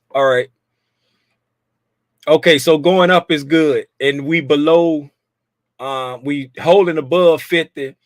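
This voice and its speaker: A man hosting a casual livestream about market futures, talking loudly and playfully, joking with viewers and slipping into sing-song bits, with a desk mic about a foot away. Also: fairly high pitch, no room sound, clean studio sound. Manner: playful, chatty, jokes with viewers. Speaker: host reviewing market futures.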